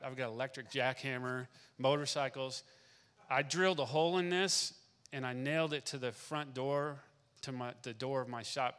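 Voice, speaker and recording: A man's voice: mid-range voice, fairly bright tone, smooth. A middle-aged man giving an emotional testimony in a church service, repeating phrases as he tells a family story. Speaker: guest speaker. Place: church sanctuary. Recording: long reverb of a large hall.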